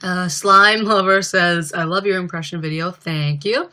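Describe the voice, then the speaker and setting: A woman's voice: lowish voice, steady tone, measured pace, hardly any pauses, pushed and bright. A young woman chatting casually on a livestream, reading out viewer comments and rambling with lots of fillers. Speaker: livestream host.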